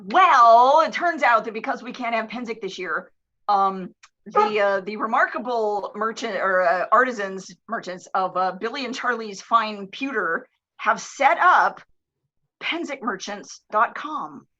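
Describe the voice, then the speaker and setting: A woman guest on a live streamed talk show, telling stories in a lively, casual way and acting out the people in them. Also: mid-range voice, a little slow. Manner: animated, swears casually, acts out voices. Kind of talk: casual storytelling. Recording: dull lo-fi stream audio.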